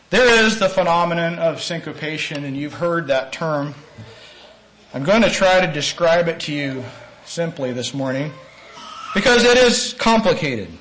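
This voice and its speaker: High-voiced man preaching earnestly. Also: slight background noise, rough recording. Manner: earnest, emphatic, with sharp rises in pitch and loudness. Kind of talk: sermon lecture.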